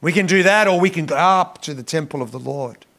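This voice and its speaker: A man's voice: brisk, vocal fry, bright, forceful tone. A male pastor preaching a sermon with passion, repeating words and pushing his voice up on key phrases. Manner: impassioned, rising in pitch on emphasis, frequent repetitions.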